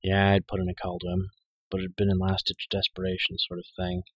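Male audiobook narrator, deep and bright-edged, dramatic first-person delivery. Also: monotone, fast, no room sound, lo-fi sound.

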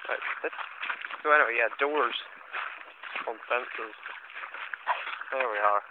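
A man's voice: medium pitch, slow. A man joking and teasing as he chats casually with a friend while walking outdoors. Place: outdoors on rural paths. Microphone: handheld recorder. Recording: phone-like sound with clear background noise.

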